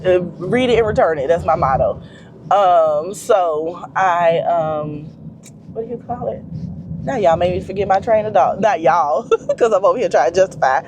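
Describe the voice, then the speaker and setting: A woman's voice: lowish voice, expressive, normal speed, darkish tone, slight background noise. A woman vlogger with a stuffy nose, rambling in casual chat straight to her viewers.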